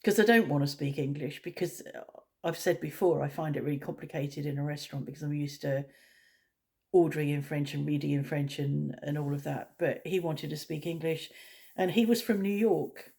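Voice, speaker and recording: A woman's voice: low-pitched, moderate pace, gravelly, darkish tone. A woman vlogger talking in a casual, rambling way, blunt and opinionated.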